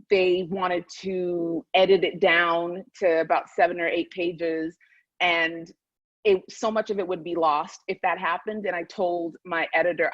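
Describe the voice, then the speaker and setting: A woman author talking candidly, then reading from her memoir in a measured, deliberate way. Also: fairly low pitch, dry recording, lo-fi sound. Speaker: author and guest.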